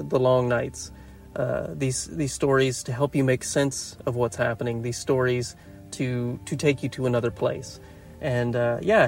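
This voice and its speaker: Gravelly Canadian man, relaxed podcast co-host, reflective and chatty, light music in the bed. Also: medium pitch. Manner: reflective, chatty, laughs easily. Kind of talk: casual chat.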